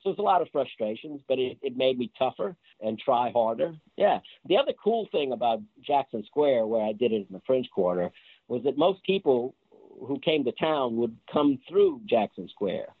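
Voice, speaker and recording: A man, an interview guest, recounts his street-performing days in a lively, chatty way, breaking into laughter now and then. His voice comes through a thin, phone-like line. There is little room sound around him. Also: mid-range voice, moderate pace, no echo. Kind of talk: casual storytelling interview. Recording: tinny phone-like line, dry.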